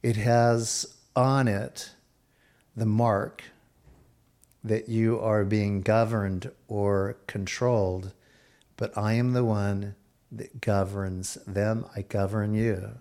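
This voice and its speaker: A man preaching a sermon, expressive, shifting his pace and dropping softer for quoted lines. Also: on the low side, slow pace. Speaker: pastor.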